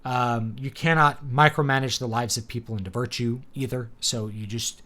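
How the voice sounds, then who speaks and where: A man's voice: medium pitch, fairly even intonation, normal speed, pushed and bright. A man hosting a casual live talk show, rambling and opinionated, with sarcastic asides and many fillers and restarts. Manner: sarcastic, laughs at his own points. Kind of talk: casual livestream chat.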